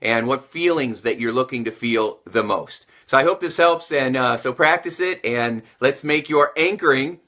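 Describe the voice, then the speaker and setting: Bright, energetic male motivational coach. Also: medium pitch, moderate pace, few pauses. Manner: energetic, repeats phrases for emphasis. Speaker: sales and communication coach. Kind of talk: motivational teaching to camera.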